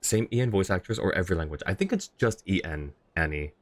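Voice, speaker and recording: A man's voice: low voice, lively intonation, quick pace. A man streaming a game, chatting casually with viewers, rambling and laughing often. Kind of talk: casual live-stream chat.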